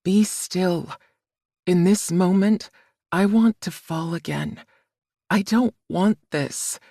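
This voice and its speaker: A woman narrating a romance audiobook in the first person, with a soft, measured, emotional reading. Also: fairly low pitch, creaky, no room sound, studio quality.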